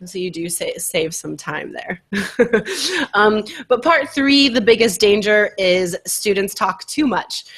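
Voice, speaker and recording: A woman's voice: mid-range voice, fairly bright tone. A young adult woman teaching exam tips in a casual webinar, upbeat, laughing often and saying "like" a lot. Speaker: IELTS teacher. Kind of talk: webinar talk, casual explaining.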